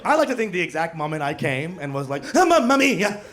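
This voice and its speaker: A man performing a stand-up comedy set on a club stage, joking in an animated way with a handheld mic. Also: on the high side, quick pace, heavy background noise. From Bangladesh. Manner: animated, jokey delivery with frequent laughter. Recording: live club recording, loud crowd laughter.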